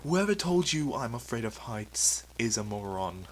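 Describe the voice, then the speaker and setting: A man's voice: on the low side, animated, normal speed, fairly bright tone, a little hiss or hum, rough recording. A man doing Molybdus, a pompous British metal superhero. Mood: boastful. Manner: pompous, easily offended, forgetful. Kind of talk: comedy sketch acting.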